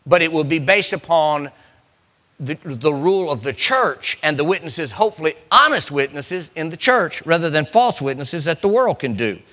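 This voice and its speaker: High, bright-voiced preaching man. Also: expressive, moderate pace. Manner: preaching with rising emphasis and repeated restarts. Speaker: pastor. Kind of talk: sermon.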